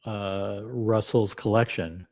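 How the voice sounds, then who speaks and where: Rambling excitable male live-stream host. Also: lowish voice, slow pace, vocal fry. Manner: excitable, swearing, rambling with fillers. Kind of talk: casual live-stream chat.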